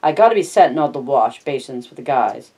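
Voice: medium pitch, expressive, a little fast, a little mellow, breathy edge. A reader voicing an old male ranch hand who chats in a confiding, gossipy way. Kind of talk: audiobook reading.

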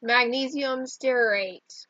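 A woman's voice: on the high side, takes it slowly, pushed and bright, no room sound, lo-fi sound. A woman with a Southern country accent reading out a shake's ingredient list, stumbling over long words and laughing at herself. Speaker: co-host reading an ingredient label. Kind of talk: casual chat.

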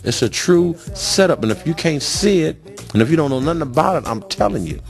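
A man's voice: fairly high pitch, expressive, fast, vocal fry, a little mellow, faint music behind. Agitated, profane man ranting. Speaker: street interviewee. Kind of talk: impassioned street rant.

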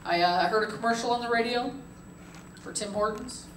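A brash woman does stand-up, swearing freely and laughing at her own jokes in a fairly high voice. The sound is roomy and picked up from a distance, with steady club noise behind her. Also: normal speed. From Calgary, Canada. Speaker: stand-up comedian. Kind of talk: stand-up comedy. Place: comedy club stage.

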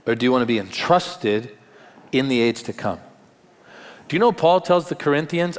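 A man's voice: mid-range voice, lively intonation, normal speed, pauses often. Man preaching in a reverberant hall. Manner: conversational, emphatic preaching with wry humor. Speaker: pastor. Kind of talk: live Sunday sermon. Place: large church auditorium. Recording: long hall reverb in live church.

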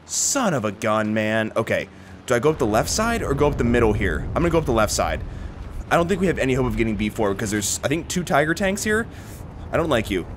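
Young male gameplay commentator, sarcastic, foul-mouthed, lively pitch that jumps high under stress; faint game noise behind. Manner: sarcastic, swears, bursts into high-pitched panic. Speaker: gaming commentator.

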